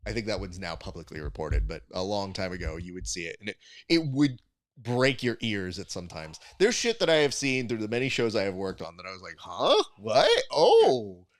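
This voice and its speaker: A man in his forties hosting a casual chat, an animated storyteller who acts out the voices in his anecdotes. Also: low-pitched, fairly quick, no room sound, clean studio sound. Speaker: podcast host.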